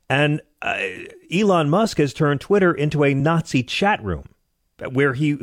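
A man's voice: mid-range voice, dry recording, studio quality. A man hosting a casual political chat, sardonic and joking, laughing often.

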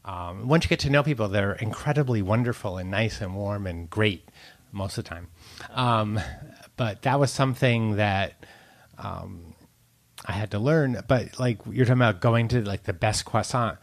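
A food writer from the United States, his voice on the low side at a moderate pace, talks as a guest in a relaxed interview. He's chatty and rambling, laughs often, and fills his speech with plenty of "likes" and "ums."

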